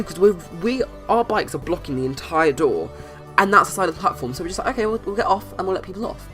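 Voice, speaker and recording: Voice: mid-range voice, big pitch swings, quick pace, sharp tone. A young adult telling a long story in a casual voice-over, rambling with many restarts and fillers. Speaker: channel host. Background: faint background music.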